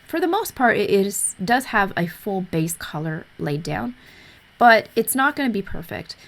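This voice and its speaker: A woman narrating a coloring tutorial in an easygoing, explanatory way, a little hoarse as she is losing her voice. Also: mid-range voice, very animated, a little slow, a bit bright. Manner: easygoing, explanatory, with frequent fillers. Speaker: art tutorial host.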